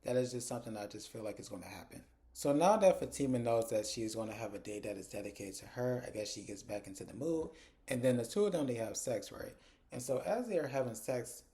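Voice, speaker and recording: A man's voice: medium pitch, lively intonation, fast talker, warm tone. A man casually recapping a TV episode for his channel's viewers. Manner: retells scenes, acting out characters' lines. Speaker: TV episode reviewer.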